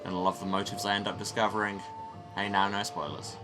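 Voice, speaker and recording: A man's voice: fairly low pitch, little pitch movement, fast. A man hosting a let's play, commenting on the game with dry, sarcastic quips, with game music running behind him.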